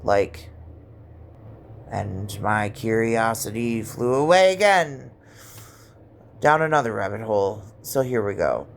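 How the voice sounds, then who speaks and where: A woman's voice: rumbling low, sing-song, slow, creaky, long pauses, a little hiss or hum. A woman vlogger telling a story in a casual, blunt way, swearing freely and acting out the lines of the people in it.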